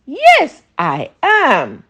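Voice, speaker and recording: A woman voicing a sly, excitable male spider trickster in a storybook reading, calling out in a high, eager voice. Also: slow, full character voice. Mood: excited.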